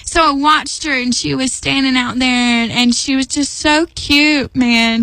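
A woman telling a personal faith story in a lively, chatty way, often laughing and acting out what she said. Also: on the high side, normal speed, few pauses, no echo, rough recording. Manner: lively, chatty, laughs often, acts out her own lines. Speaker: storyteller sharing a faith testimony.

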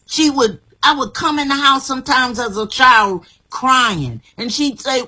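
A woman talks slowly and emphatically. Her tone is bright and forceful, with a breathy edge. She repeats her points like a preacher would. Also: high-pitched. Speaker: guest. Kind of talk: inspirational talk-show chat.

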